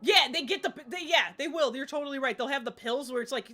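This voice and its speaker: A woman's voice: high voice, fast, sharp tone, soft background music. A woman chatting casually while streaming a game, rambling and laughing often. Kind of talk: casual live-stream gaming chat.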